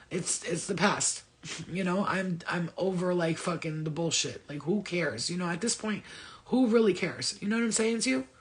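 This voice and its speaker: A high-voiced man with a husky edge delivers a loose, profane pep talk straight to his viewers. His speech is blunt and rambling, full of asides and repeated points. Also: a bit bright. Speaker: spiritual vlogger. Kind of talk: casual motivational rant.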